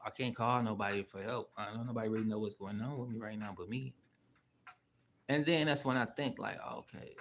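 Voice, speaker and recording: Against slight background noise, a man with a lowish voice narrates a story for his own channel. He rambles in slangy, expletive-laden speech, dotted with fillers and asides.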